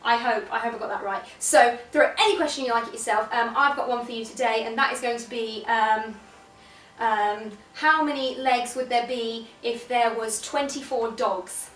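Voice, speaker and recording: A young British woman with a fairly high voice leads a drama warm-up, upbeat and instructive. She sits back from the mic in an echoey room. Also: moderate pace, distant mic, a little hiss or hum. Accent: British English. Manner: upbeat, instructive, playful vocal sounds. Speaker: drama teacher. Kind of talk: guided warm-up lesson.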